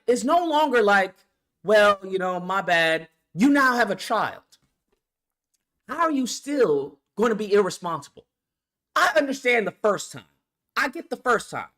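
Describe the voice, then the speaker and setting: A man's voice: very high-pitched, fairly bright tone. A man vlogger ranting bluntly and profanely in a commentary video, full of rhetorical questions.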